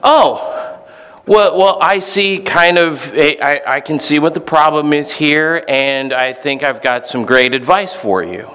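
A flustered, halting male psychologist stumbles over his words in a raised voice, as a preacher acts him out. The sound rings with a long hall reverb. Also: a little high, clean tone. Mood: hesitant. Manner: halting, repeats words, then shouts abruptly. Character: hesitant, stammering male psychologist, later exasperated.

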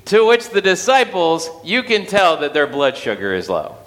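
A man's voice: on the high side, huge pitch swings, moderate pace, a bit bright, big-room sound. A man giving a casual sermon, telling the story conversationally with playful acted quotes. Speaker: pastor.

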